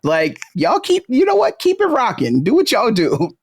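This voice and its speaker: A woman puts on an exasperated sound guy with a loud, drawling, mock-scolding delivery that swings widely in pitch. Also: huge pitch swings, normal speed, no room sound, clean studio sound.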